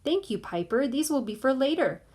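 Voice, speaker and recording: A woman's voice: sits high, sing-song, normal speed, darkish tone, pitched above the performer's own voice. A woman voicing a mother who scolds and urges her son on. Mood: scolding, eager. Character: stern but hopeful mother.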